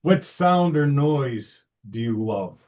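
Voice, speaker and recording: A man hosting an interview, upbeat and affirming, moving through quick questions. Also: medium pitch, animated, darkish tone. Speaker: host.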